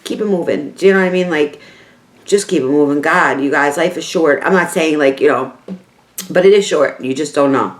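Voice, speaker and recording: Middle-aged woman with a New York accent, lowish voice, emotional vlogger who circles back and repeats herself; roomy, echoey sound. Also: brisk. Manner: heartfelt, rambling, repeats herself for emphasis. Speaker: beauty vlogger. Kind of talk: emotional casual talk to camera. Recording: echoey room.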